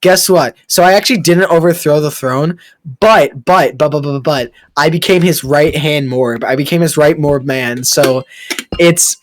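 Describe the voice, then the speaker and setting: A young man with a fairly high voice speaks at normal speed with no echo. Late at night, on a computer mic during a game recording, a friend improvises a crude tall tale, rambling along with plenty of fillers and restarts.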